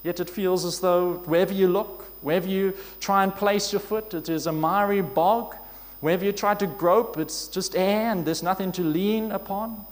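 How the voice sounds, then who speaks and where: High-voiced guy preaching, earnest, slow and steady, big echoey hall. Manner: earnest, measured preaching with rhetorical questions. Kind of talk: sermon. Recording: long hall reverb.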